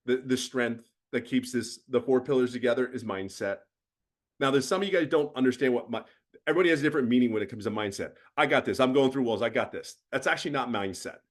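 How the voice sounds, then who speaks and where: A middle-aged man mentors a group in a blunt, preachy motivational talk. His pitch leaps sharply when he hammers a point home. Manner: blunt, preachy, rises to emphatic bursts. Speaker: guest host and mentor.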